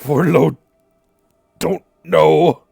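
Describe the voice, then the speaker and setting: A man voicing a small, spiky, muscular male creature messenger who speaks slow, broken English. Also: a little high, creaky, a little mellow, husky, no room sound, soft background music, voice pushed up, exaggerated voice. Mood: matter-of-fact.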